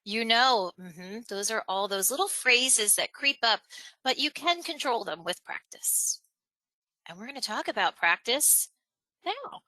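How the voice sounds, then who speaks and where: Bright-voiced woman coaching a webinar. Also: unhurried, no room sound, poor audio. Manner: animated, acts out examples in a higher voice, laughs between points. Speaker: webinar presenter. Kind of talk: live webinar coaching on presentation skills. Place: online webinar, home or office.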